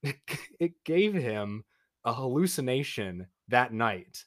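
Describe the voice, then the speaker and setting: A young man casually telling a story to a friend, rambling with many fillers and acting out quotes in an animated way. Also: medium pitch, slow. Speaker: podcast co-host.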